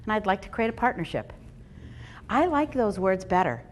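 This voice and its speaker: A middle-aged woman giving a motivational keynote talk to a live audience in a large room, animated and playful, acting out little voices. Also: mid-range voice, moderate pace, slight background noise. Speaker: fundraising speaker.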